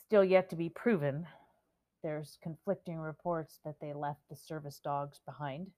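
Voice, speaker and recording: A woman in her fifties hosting her own podcast, speaking emotionally and deliberately as she reads out names and talks to her listeners. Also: deep voice, steady tone, mellow. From United States. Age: 50s. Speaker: podcast host. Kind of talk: solo podcast monologue.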